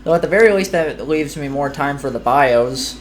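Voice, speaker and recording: A man's voice: fairly high pitch, normal speed. A man giving casual, rambling commentary while playing a video game, chatty and self-deprecating. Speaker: gaming YouTuber. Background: faint game music.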